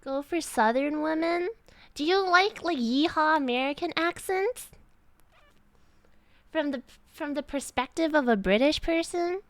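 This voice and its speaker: A woman's voice: high-pitched, measured pace, fairly bright tone, no echo. A young woman streamer chatting casually with her live chat, rambling with lots of "like" and restarts.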